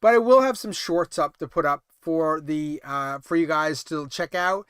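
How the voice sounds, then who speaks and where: A man's voice: on the high side, moderate pace, fairly bright tone, clean tone, no echo, studio quality. A tired man hosting a late-night livestream about toy collecting, chatting casually and rambling with lots of fillers and restarts.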